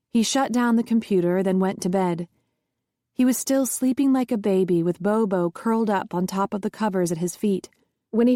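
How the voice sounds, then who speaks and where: A woman reading a thriller audiobook in steady scripted narration. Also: medium pitch, no room sound, studio quality.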